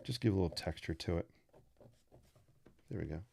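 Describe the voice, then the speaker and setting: With a low, gravelly, mellow voice at normal speed, a man chats his way through a live sketching stream, rambling and joking as he draws and teaches. There's a little hiss or hum.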